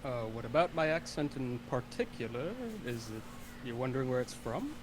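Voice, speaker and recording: A man playing his character in a tabletop game, courteous and measured, with hesitant fillers. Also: mid-range voice. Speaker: player. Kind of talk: in-character roleplay. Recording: background noise.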